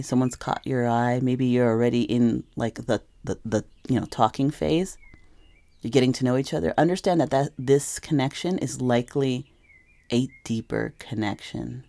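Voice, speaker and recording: A tarot reader with a dark-toned bass voice gives a casual reading to camera. She rambles, gets emotional, and often corrects herself mid-sentence.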